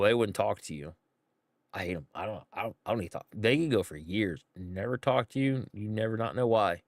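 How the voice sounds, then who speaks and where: A man's voice: on the low side, no room sound. Chatty rambling man streamer, dry sound. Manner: rambling, chatty, frequent fillers and acted-out quotes. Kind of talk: casual livestream chat to viewers.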